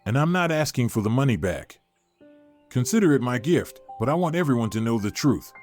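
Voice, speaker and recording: A man voicing a calm, firm wife who has been betrayed, in a storybook reading. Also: medium pitch, fairly quick, faint music behind, close to an everyday voice.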